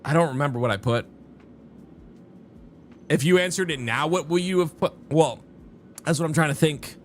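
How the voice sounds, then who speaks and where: A man's voice: fairly high pitch, normal speed, a little hiss or hum. A man streaming a game live, chatting casually and rambling with his viewers, often interrupting himself. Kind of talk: casual live-stream chat while gaming. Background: faint background music.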